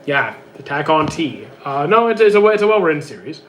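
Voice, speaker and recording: A man streaming, reading out chat questions and answering them in a quick, offhand way with many fillers, his voice worn out. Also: fairly high pitch, big pitch swings, fairly bright tone, slight background noise. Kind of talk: casual livestream chat.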